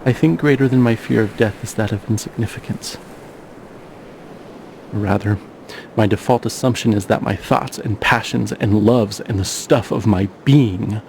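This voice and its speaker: Low, gravelly reflective male narrator. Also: background noise. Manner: questioning, searching, soft-spoken. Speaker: narrating father. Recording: music under the voice.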